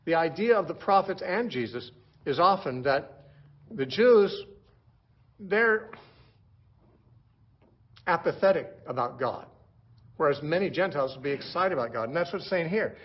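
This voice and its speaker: Slightly high-voiced male Bible teacher, lo-fi. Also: lively intonation. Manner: explains slowly, repeats words as he restarts. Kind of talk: verse-by-verse Bible lecture. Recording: dull lo-fi recording.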